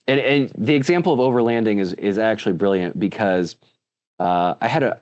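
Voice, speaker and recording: A man's voice: on the low side, darkish tone, muffled recording. A man speaking as a guest in a casual interview, earnest and full of restarts. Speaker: podcast guest, author.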